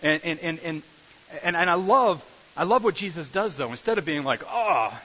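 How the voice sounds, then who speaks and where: Bright-voiced man preaching a sermon. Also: a little high, a little fast, husky. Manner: animated preaching with repetitions and restarts. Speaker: pastor. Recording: dull recording with faint hiss.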